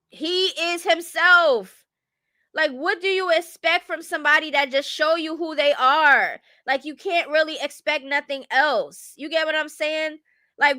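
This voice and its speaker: A woman with a high, pushed, bright voice gives blunt, chatty reaction commentary on a live stream, repeatedly asking "you get what I'm saying" to check the listener follows. The audio is studio quality with no echo.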